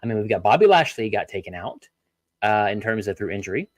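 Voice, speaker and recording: A man hosting a solo wrestling review podcast, ranting with many rhetorical questions and pausing to apologize for his tangents. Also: lowish voice, animated, no room sound.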